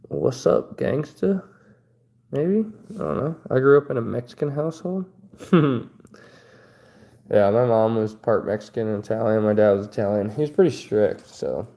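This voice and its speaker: A man's voice: lowish voice, creaky, mellow. A man, likely in his thirties, hosting a casual livestream, reading chat aloud and trading loose, profane jokes with viewers. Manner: loose, joking, profane banter. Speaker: livestream host.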